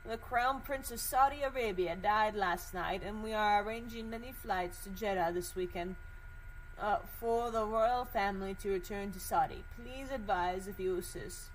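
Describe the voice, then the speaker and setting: A woman's voice: mid-range voice, moderate pace, slight background noise, natural voice, rough recording. A woman voicing a formal man writing a business email, in a put-on accent and a mock-formal reading manner.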